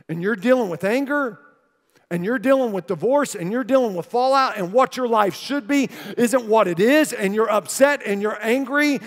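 A male pastor preaching a sermon, telling a family story with jokes and then turning earnest and soft. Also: very high-pitched. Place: church hall. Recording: reverberant church sanctuary.

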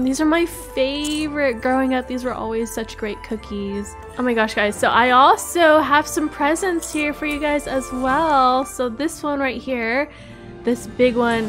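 Bubbly female roleplay host, high voice, lots of squealing laughs. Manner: giggly, excitable, with squealing high laughs and shouts. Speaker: roleplay host playing the mother. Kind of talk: playing a family roleplay game.

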